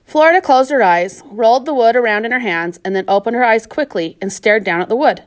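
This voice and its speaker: A woman reading a children's novel aloud in measured scripted narration. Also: on the high side, lively intonation. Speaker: audiobook narrator.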